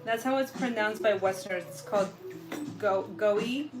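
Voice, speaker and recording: Talking at a quick pace in a mid-range voice, this San Diego, California woman co-hosts a laid-back cooking livestream in her home kitchen. She reads out viewer comments and speaks in slang over background music, and the audio quality is poor.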